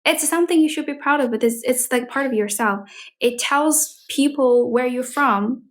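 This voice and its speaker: Encouraging Chinese-accented woman, slightly high voice. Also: normal speed. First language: Mandarin Chinese. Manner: encouraging, talks in long explaining runs. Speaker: livestream host practicing spoken English. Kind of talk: casual livestream chat mixing English and Mandarin.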